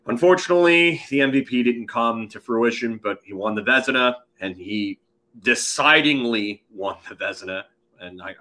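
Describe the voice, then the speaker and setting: A man's voice: on the low side, bright, forceful tone. A man co-hosting a casual sports podcast, rambling with many fillers and restarts. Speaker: podcast co-host.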